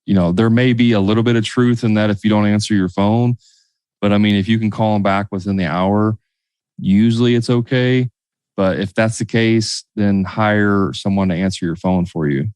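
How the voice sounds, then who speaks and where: A man's voice: on the low side, steady tone, normal speed, a little mellow, clean tone, no room sound. A man hosting a business podcast, chatting casually, telling anecdotes and joking dryly. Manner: dry, joking, tells stories. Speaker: podcast host.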